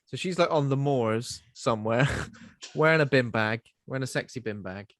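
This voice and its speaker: A man's voice: medium pitch, dry recording. A man co-hosting a casual film chat, cracking jokes and slipping into silly voices. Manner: jokey, quick to put on silly voices. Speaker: podcast co-host.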